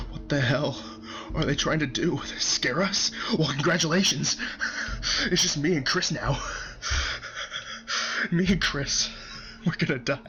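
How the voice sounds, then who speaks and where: A man's voice: mid-range voice, dull audio, natural voice. A man playing a panicked young soldier. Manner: stammering, panicked, breaking into whispers. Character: terrified young male soldier writing his diary. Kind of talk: creepypasta reading.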